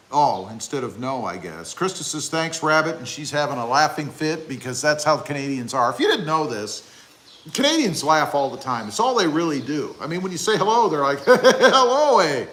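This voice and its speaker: A man's voice: fairly high pitch, bright, forceful tone. Chatty man hosting a livestream. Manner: rambling, joking, many fillers. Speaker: livestream host reading chat. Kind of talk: casual live chat. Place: outdoors by his truck.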